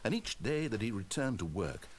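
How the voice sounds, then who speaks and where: A man's voice: lowish voice, sing-song, moderate pace, a little hiss or hum. A man voicing a dry, teasing game narrator who addresses the player directly. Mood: teasing narration. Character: wry, mocking male storybook narrator of a game. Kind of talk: scripted narration.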